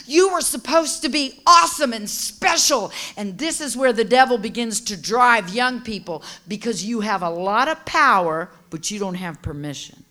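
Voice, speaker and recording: A woman preacher delivering a sermon, teaching and building to passionate shouting with call-and-response. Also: on the high side, lively intonation, normal speed, few pauses.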